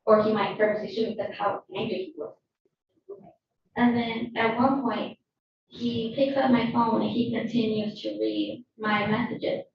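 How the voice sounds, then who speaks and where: A woman giving shaken, halting testimony as a witness in a courtroom. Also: a little high, fairly even intonation, vocal fry, noisy background. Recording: echoey, distant, dull courtroom audio.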